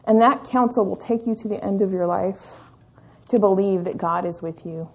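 A woman teaching a Bible study in a church meeting room, speaking in an earnest, reflective and measured way with the occasional "um". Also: mid-range voice, darkish tone.

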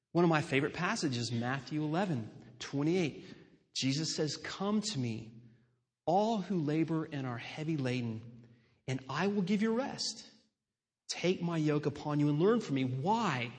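A man preaching a sermon as pastor, slow and emphatic, building on repeated refrains. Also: medium pitch, in a large hall.

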